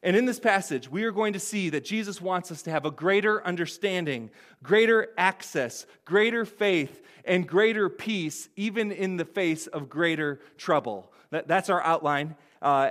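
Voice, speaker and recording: Pastor, male, high-pitched, earnest and conversational, preaching from the pulpit. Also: fairly bright tone. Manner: earnest, conversational preaching with rhetorical questions and frequent restarts. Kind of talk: sermon.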